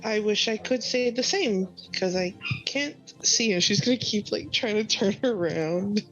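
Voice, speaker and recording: A woman's voice: medium pitch, a little slow, fairly bright tone, faint music behind. A woman playing a tabletop role-playing game, answering hesitantly and with puzzlement. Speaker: player. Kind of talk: in-character play. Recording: dull lo-fi mic.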